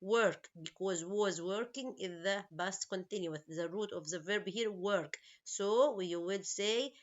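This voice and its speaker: A woman teaching English at an easy, patient pace, checking understanding with repeated questions. Her English is non-native, with small grammar slips and an Arabic-speaking background. The recording sounds a little dull and lo-fi. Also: medium pitch. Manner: slow, explains each word and asks questions. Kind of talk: online English lesson.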